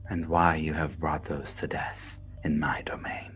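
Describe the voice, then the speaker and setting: A man voicing a sinister, cryptic god of death in a slow, menacing whisper. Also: extremely low pitch, little pitch movement, a bit bright, soft background music.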